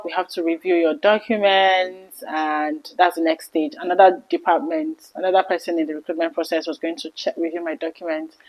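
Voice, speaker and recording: A woman in her thirties telling a personal story to camera in an earnest, emotional vlog, her voice often dropping soft. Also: on the low side, poor audio. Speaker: vlogger.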